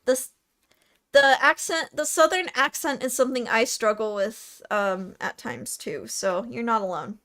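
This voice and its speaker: Chatty Californian woman streamer, slow pace. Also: fairly high pitch, fairly bright tone. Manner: chatty, laughs often, restarts words. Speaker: VTuber streamer. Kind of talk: casual live-stream chat, reading comments.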